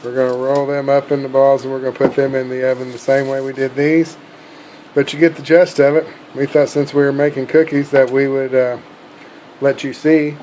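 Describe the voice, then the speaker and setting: A man's voice: mid-range voice, level tone, brisk, a little mellow, a little hiss or hum, rough recording. A middle-aged man, a dad, talking casually and folksily while baking cookies at home with his daughter for a vlog. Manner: easygoing, homely folksy talk. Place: home kitchen.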